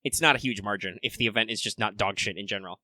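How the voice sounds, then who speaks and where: A man co-hosting a casual gaming podcast, rambling through opinions with quick asides and plenty of swearing. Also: on the low side, bright, forceful tone, no room sound, clean studio sound. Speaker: podcast co-host.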